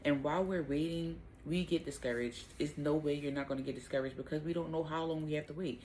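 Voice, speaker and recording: A woman hosting a casual devotional Bible talk, speaking in a relaxed, rambling way with lots of "um" and "like". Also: deep voice, fast talker, a little hiss or hum, poor audio. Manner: relaxed, rambling, heavy use of fillers like "um" and "like".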